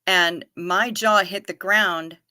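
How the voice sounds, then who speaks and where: A woman's voice: lowish voice, steady tone, slow pace, bright, forceful tone, no echo, clean studio sound. A woman hosting a casual livestream, chatting and answering viewer comments in a rambling, profane way full of stammered restarts. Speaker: livestream host. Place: home, livestream without camera.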